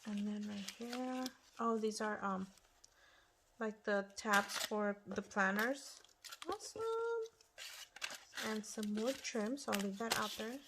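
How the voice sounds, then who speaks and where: A woman's voice: mid-range voice, steady tone, a little slow, background noise. A woman hosting a crafting channel, chatting casually and gushing over each item she unwraps. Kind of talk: casual unboxing chat. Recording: loud crinkling paper handling. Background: paper crinkling and tearing.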